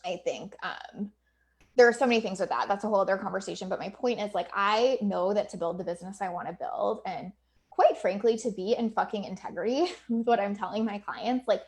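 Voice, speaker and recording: A woman's voice: mid-range voice, fairly quick, darkish tone. Woman in her thirties, business coach on a casual livestream; candid, chatty, laughs easily, swears, lots of fillers. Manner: filler-heavy with many likes and ums.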